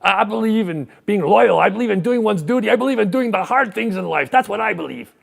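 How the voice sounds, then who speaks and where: Man doing a stern duty-bound statesman, loud and raspy. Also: sits high, animated, quick pace, pitched above the performer's own voice, heavily acted. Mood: firm. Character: dutiful male former prime minister, stern.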